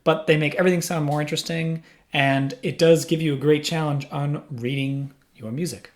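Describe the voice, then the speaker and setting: A man's voice: a little high, steady tone, brisk. A man working as a music teacher, giving a patient lesson in a small room and answering his own questions step by step. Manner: patient, asks questions then answers them. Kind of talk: instructional explanation. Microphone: studio microphone.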